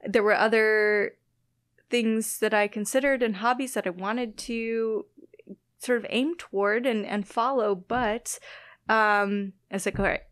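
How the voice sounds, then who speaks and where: A woman's voice: medium pitch, fairly even intonation, measured pace, a bit bright, no room sound, clean studio sound. A woman from the Midwest of the United States, a guest scientist chatting casually, often laughing and poking fun at herself. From Midwest US, Illinois-Wisconsin border. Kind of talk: casual conversation.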